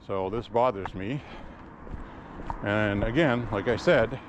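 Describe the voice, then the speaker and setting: A man with a fairly low voice rambles slowly and opinionatedly while walking through town streets, filmed on a chest-mounted camera. The casual vlog monologue sounds lo-fi, with a noisy background.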